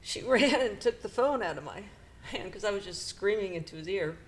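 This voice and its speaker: A middle-aged woman co-hosting a podcast, retelling a painful personal story in a halting, emotional way with nervous laughs. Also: mid-range voice, lively intonation. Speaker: podcast co-host.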